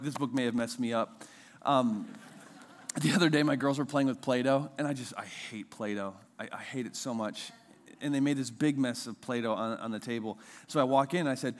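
Male pastor, 30s, casual animated sermon delivery, average pitch, jumps high for quoted voices.

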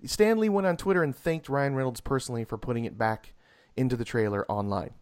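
A man's voice: mid-range voice, fast talker. A man in casual conversation about movies, rambling and laughing often as he talks.

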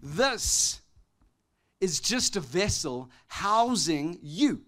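Animated, higher-voiced male preacher. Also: drawn-out words. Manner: animated, swinging from loud exclamations to soft confiding tones; laughs often between phrases. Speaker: pastor. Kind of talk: sermon.

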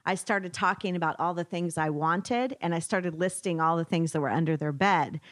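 Lady guest, political commentator, lower voice, chatty, dry close sound. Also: normal speed, no echo. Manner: chatty, laughs often. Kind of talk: casual storytelling chat.

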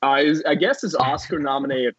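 A man's voice: fairly high pitch, a little fast, fairly bright tone, slightly rough, no echo, highs cut off. A man on a film podcast panel, chatting casually with jokey asides. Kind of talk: casual chat.

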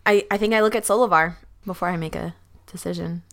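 A woman playing in a tabletop game, chatty and quick to argue the rules, laughing often. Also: fairly low pitch, steady tone, fairly bright tone. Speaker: player. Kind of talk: casual tabletop game play.

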